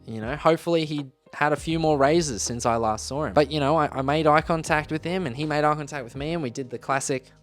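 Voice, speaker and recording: A man's voice: on the high side, fast, few pauses, faint music behind. A young Australian man telling a work story in a laid-back, wry way, swearing casually. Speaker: YouTuber, electrician.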